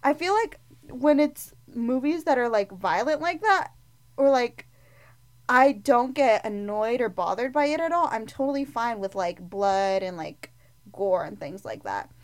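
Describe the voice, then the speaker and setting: A woman co-hosting a film podcast, gushing and animated as she retells scenes. She fills her talk with "like" and speaks in a fairly high voice. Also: unhurried. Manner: gushing and animated, many "like" fillers. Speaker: podcast co-host. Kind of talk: casual film review chat.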